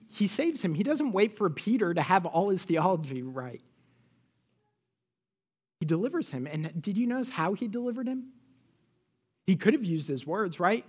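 A man's voice: high-pitched, a little mellow. A man preaching a sermon as a pastor. He speaks animatedly, asks the congregation questions and acts out the quotes he reads.

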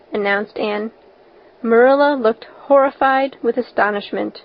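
Brief: a woman reading a novel aloud, unhurried and measured, slightly high voice, muffled sound. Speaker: audiobook reader. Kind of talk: scripted narration. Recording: dull lo-fi recording.

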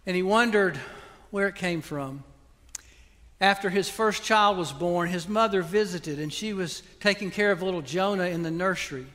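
Older man, pastor, earnest sermon, high-pitched voice, long church reverb. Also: moderate pace. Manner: earnest, pleading preaching that drops soft into prayer.

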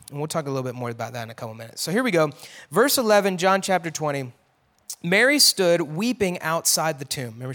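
A man teaching a Bible passage in a casual, conversational way, acting out the quotes with a raised voice and dropping to a hush for emphasis. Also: high-pitched.

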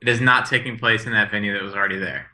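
A man's voice: on the low side, fairly even intonation, rapid-fire, bright, forceful tone. A man co-hosting a tech podcast, pressing with follow-up questions in casual chat. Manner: probing, questioning. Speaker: podcast co-host.

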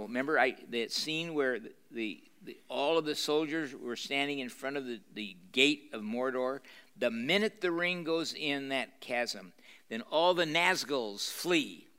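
An older man reads a novel passage to a gathered audience, leaning into the drama and breaking off to explain the scene. His tone is bright and forward. He restarts phrases and fills pauses as he goes. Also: mid-range voice, clean tone. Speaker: pastor reading a novel aloud. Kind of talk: live lecture reading with commentary. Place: university lecture room.

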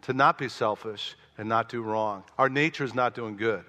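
A male pastor from Chicago preaching a sermon, telling stories in an animated way and acting out his own thoughts with rising emphasis. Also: lowish voice, normal speed, in a large hall.

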